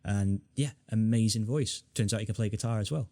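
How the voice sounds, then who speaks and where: A man's voice: lowish voice, brisk, mellow, no echo. A young man with a neutral northern English accent hosting a casual podcast chat, rambling a little and restarting his sentences. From England. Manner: rambling, many restarts, puts on accents for fun. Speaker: podcast host.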